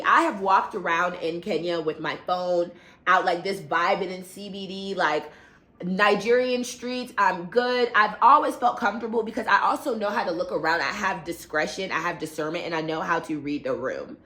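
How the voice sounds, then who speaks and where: A young woman vlogger telling a travel story in a lively, animated way, sometimes acting out other people's lines. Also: fairly low pitch, normal speed. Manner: animated, acts out voices and cries out while retelling. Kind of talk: storytime vlog, casual retelling. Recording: echoey room.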